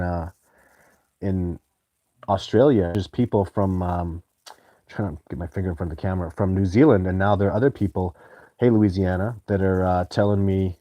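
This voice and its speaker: A man's voice: low voice, dark tone, no room sound. A man hosting a live stream, chatting loosely and greeting viewers as he reads their comments. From Canada.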